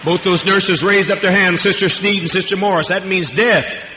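A man's voice: high-pitched, fairly even intonation, normal speed, sharp tone, a little hiss or hum. A man preaching a fiery, profane, rambling sermon to a congregation in a large hall. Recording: echoey hall, dull lo-fi archival tape.

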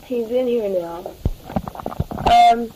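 A woman's voice: a little high, extremely slow, over loud music, low-quality recording. A teenage girl rambling through a spoken audio letter to her family, full of fillers and restarts, taped at home. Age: late teens. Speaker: letter writer.

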